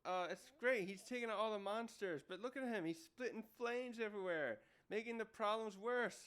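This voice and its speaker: A man's voice: extremely high pitch, takes it slowly, fairly bright tone, smooth, pitched above the performer's own voice, heavily acted. A man voicing an exasperated young woman navigator who scolds her crewmates. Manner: scolding, fed up.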